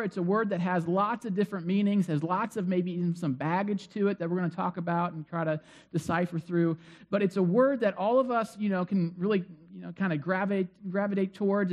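A man's voice: high voice, dull audio. A middle-aged man preaching a sermon as pastor, in a conversational way with frequent fillers and joking asides. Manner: conversational, self-deprecating asides, many fillers.

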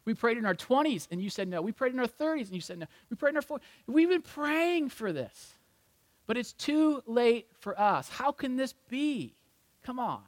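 A man's voice: extremely high pitch, sing-song, normal speed, pitched above the performer's own voice. A male preacher voicing an anxious, doubtful old priest who pleads hesitantly and diplomatically. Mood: pleading. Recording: long reverb in a large hall.

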